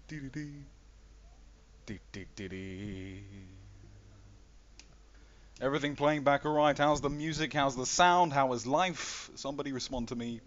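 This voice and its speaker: A man's voice: mid-range voice, a bit bright. A man hosting a game tournament livestream in a casual, playful way, reading chat aloud and answering it. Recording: slightly dull stream mic with faint music. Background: faint background music.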